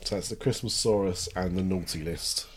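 A man's voice: low-pitched, normal speed, a little hiss or hum. A man, a parent casually questioning his child about a book, playful and teasing. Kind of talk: casual chat.

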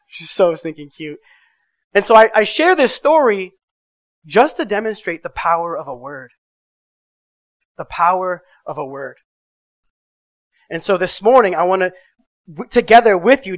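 A man's voice: high voice, no echo. Dry, close-miked male preacher. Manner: animated storytelling with swings from loud to soft. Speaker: pastor. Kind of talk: sermon.

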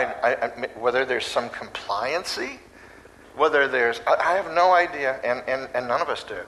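A man preaching a sermon in a conversational, animated way, now and then acting out voices. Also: medium pitch, slight background noise, low-quality recording.

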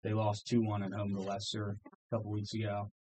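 A man casually recapping football results on a podcast, relaxed and full of ums. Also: lowish voice, fast, slight background noise, rough recording. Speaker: podcast co-host. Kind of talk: casual sports chat.

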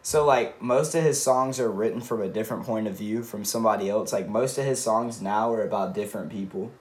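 A man's voice: lowish voice, fairly quick, a little mellow. Earnest young man, reflective chat. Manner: earnest, reflective, filler-heavy. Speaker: podcast co-host. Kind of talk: casual chat.

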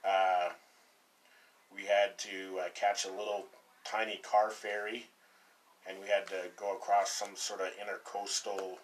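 A man's voice: sits low, level tone, a little slow. Man rambling through a casual road story. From Colorado, USA. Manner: rambling, laughs often, swears casually. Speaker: podcast co-host. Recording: distant mic, faint background noise.

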